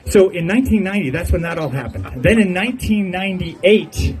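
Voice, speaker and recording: A man's voice: sits high, animated, a little fast, a little mellow, low-quality recording. An older man giving a humorous farewell speech on an outdoor patio, telling jokey stories and chuckling at his own punchlines. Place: outdoor golf club patio.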